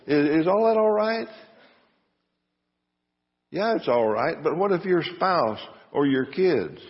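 A pastor giving a conversational sermon full of rhetorical questions and a folksy manner. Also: male voice, fairly high pitch. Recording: muffled sound with long reverb.

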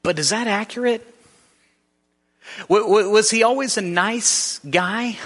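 A man's voice: high voice, slow, fairly bright tone, long reverb tail. A man preaching a sermon in a conversational way, often restarting his sentences. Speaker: pastor.

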